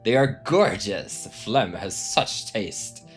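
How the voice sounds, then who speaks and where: A gossipy guest from a video game, acted by a man, gushing over everything. The delivery is effusive and swooning. The voice stays low underneath. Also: big pitch swings, takes it slowly, soft background music.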